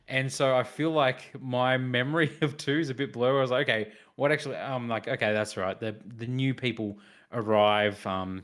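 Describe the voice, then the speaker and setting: Man, podcast co-host, casual and animated storyteller. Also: medium pitch. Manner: animated storytelling, acting out his own reactions. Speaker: podcast co-host reviewing films. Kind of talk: casual chat.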